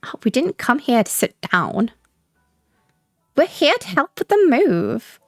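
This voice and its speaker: A woman's voice: sits high, very animated, a little slow, creaky, no room sound, clean studio sound, soft background music, pitched above the performer's own voice, exaggerated voice. A woman voicing a cheerful, caring young woman friend in a visual novel, eager and welcoming.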